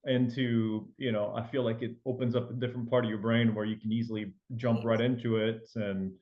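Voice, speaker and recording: A man's voice: mid-range voice, little pitch movement, fairly quick, dull audio. A man raised in France with a faint French accent, a loan officer chatting casually as a guest in an interview, full of fillers and restarts.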